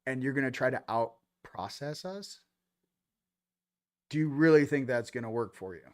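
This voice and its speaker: A man hosting a casual spiritual talk show, ranting animatedly, swinging between loud bursts and low, intense passages, with playful sound effects and mock voices. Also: normal speed. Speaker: host.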